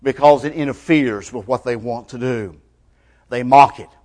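A man preaching a sermon, his delivery swinging from loud emphatic passages to hushed, almost whispered lines, in plain colloquial grammar. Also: medium pitch, fairly even intonation, moderate pace.

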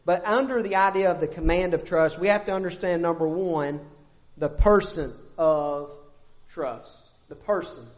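A man preaching a sermon, emphatic and repetitive, with pauses and self-corrections. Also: fairly high pitch.

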